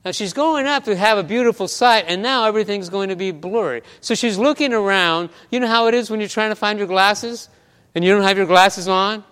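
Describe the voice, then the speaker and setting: Male pastor preaching, keeps stumbling on "and, and", smooth clear voice, big echoey church. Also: high voice, brisk, a bit bright. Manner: storytelling with many restarts and stammers. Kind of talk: sermon.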